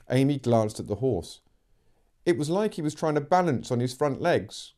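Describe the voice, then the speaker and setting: A man narrating a children's novel extract in an expressive reading voice. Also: medium pitch, normal speed. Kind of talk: storybook narration.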